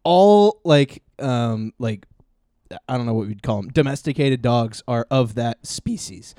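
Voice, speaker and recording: A young man co-hosting a casual comedy podcast, joking loudly with manic energy. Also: mid-range voice, lively intonation, a little slow, dry recording, clean studio sound. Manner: loud, manic and joking, shouts for emphasis. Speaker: podcast co-host.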